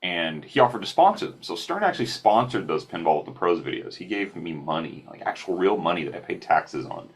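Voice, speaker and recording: A man guest on a podcast, telling stories casually over a remote call, animated and self-deprecating with frequent restarts. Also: sits low, fairly quick, few pauses, slightly rough.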